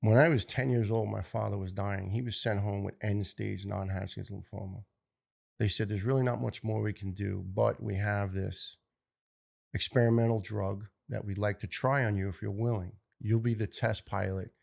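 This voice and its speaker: A middle-aged man from New York, a guest telling a personal story in an earnest, emotional way, halting and repeating words. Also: fairly low pitch, steady tone, creaky, darkish tone. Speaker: interview guest, retired firefighter.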